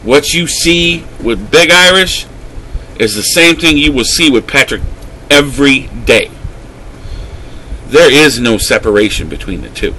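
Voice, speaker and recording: A man's voice: mid-range voice, expressive, a little slow, pauses often, bright, forceful tone, slight background noise, poor audio. A man vlogger delivering an angry, emotional rant to camera, swearing heavily as his voice rises and drops. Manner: heated, swearing, voice rising and dropping.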